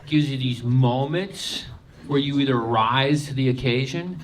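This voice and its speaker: A man's voice: mid-range voice, unhurried. A man doing a brash, crude stand-up set on a comedy club stage, telling stories and acting out what people said to him. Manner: brash, crude storytelling with acted-out quotes. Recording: loud crowd laughter in a comedy club.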